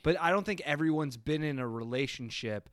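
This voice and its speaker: Male podcast co-host, casual film talk, ranty and sweary, smooth clear voice, dry close mic. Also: a little high, a little fast, dry recording. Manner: animated, ranting, swearing casually.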